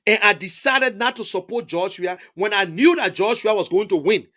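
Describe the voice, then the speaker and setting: A man's voice: high voice, expressive, moderate pace, sharp tone. A man with a Liberian English accent giving impassioned testimony in an interview, emphatic and repetitive, stammering over words as he presses his point. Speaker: interviewee, political supporter.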